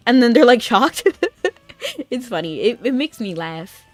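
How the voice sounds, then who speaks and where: A woman's voice: a little high, moderate pace, no echo. Young woman, casual gaming stream chat, rambling and chatty, dry close sound, faint music behind. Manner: chatty and rambling, with frequent filler "like". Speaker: VTuber streamer.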